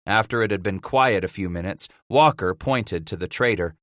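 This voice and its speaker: A man narrating an audiobook with steady, measured storytelling. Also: on the low side, no echo, studio quality.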